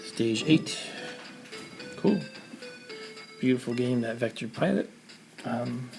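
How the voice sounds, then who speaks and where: A man's voice: medium pitch, expressive, takes it slowly, creaky, pauses often, a little mellow, faint music behind, low-quality recording. A man with a New York accent, casually chatting to a live-stream audience while playing a retro game, thinking aloud as he goes.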